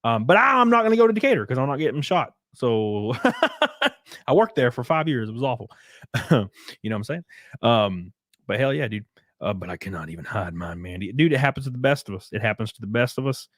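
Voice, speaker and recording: A man's voice: medium pitch, very animated, a little fast, a bit bright, no room sound, clean studio sound. A man with a Southern US rural accent, reading super chats on a livestream in a laid-back, drawling and profane way. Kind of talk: casual livestream chat.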